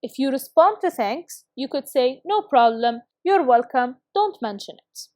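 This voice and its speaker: In a recorded video lesson for schoolchildren, a high-voiced English teacher reads model phrases slowly and carefully, encouraging her students and praising them often. She sounds expressive with a darkish tone, in a dry recording with clean studio sound.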